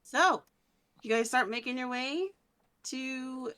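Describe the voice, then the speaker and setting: A woman's voice: high-pitched, slow pace, bright, forceful tone, clear, resonant tone. A woman narrating as game master over an online voice chat, giggly and tripping over her words.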